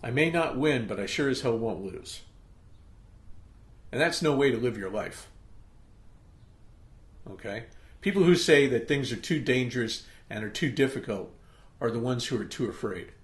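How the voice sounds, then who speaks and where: A middle-aged podcast host delivers an emphatic motivational monologue, checking in with "okay?" again and again in a pep-talk style. His pitch is medium and the room sounds echoey.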